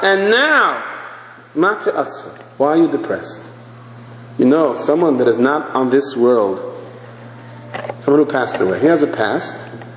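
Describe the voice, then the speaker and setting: A man in his fifties, a religious teacher giving a sermon, telling stories and acting out the people in them. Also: medium pitch. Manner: animated storytelling, acting out quotes. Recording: echoey hall, faint ambience.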